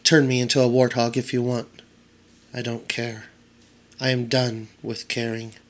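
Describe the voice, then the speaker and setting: A man voicing a weary, hopeless male china rabbit doll who speaks quietly and resignedly. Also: mid-range voice, level tone, measured pace, natural voice.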